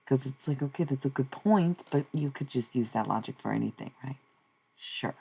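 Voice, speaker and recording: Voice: medium pitch, animated, normal speed, gravelly, mellow, husky. A live streamer rambling through spiritual musings, repeating questions and swearing casually. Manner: repetitive, searching, swears casually.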